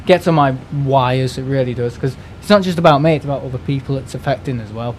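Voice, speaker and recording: A man talking off the cuff on a live stream, voice sitting at an ordinary middle pitch. He rambles, trips over and repeats his words, and swears as he vents. A faint air-conditioning hum runs underneath. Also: fast talker. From United Kingdom. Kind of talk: casual ranting chat.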